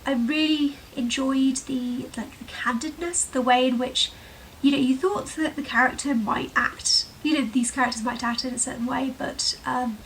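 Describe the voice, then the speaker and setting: A high-pitched woman's voice, fairly even in intonation and a bit bright, speaks at normal speed far from the mic in a low-quality recording with a little hiss or hum. She's an English vlogger chatting casually to camera in a room at home with sunlight coming in, full of fillers, her shifting accent mixing touches of Herefordshire, London and Welsh.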